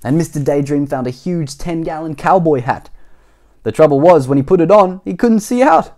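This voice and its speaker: A man's voice: fairly high pitch, lively intonation, normal speed, dark tone. A man from Australia, reading a children's storybook aloud and adding playful chatty asides to listeners. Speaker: storybook reader.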